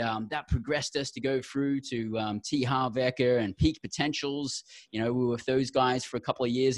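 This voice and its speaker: A man's voice: medium pitch, no room sound, studio quality. A man hosting a podcast, chatting enthusiastically and rambling with many fillers. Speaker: podcast host. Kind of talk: casual interview chat.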